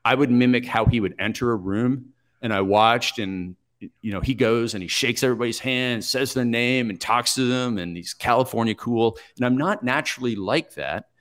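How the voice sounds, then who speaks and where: A man in his forties, a podcast guest telling stories from his life in a reflective, steady, plain-spoken way. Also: medium pitch, moderate pace. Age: 40s. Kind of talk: conversational interview storytelling.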